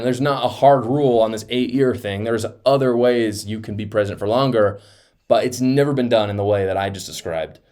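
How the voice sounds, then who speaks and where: A man's voice: fairly low pitch, darkish tone. A young man hosting a political reaction commentary, talking in a heated, emphatic way and mocking others with sarcastic put-on voices.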